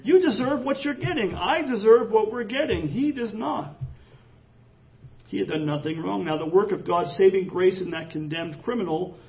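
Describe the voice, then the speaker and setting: A man's voice: sits high, animated, normal speed, distant mic. A man preaching an expository sermon, reading scripture aloud and pressing the points with rising emphasis. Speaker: pastor. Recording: dull lo-fi sermon audio.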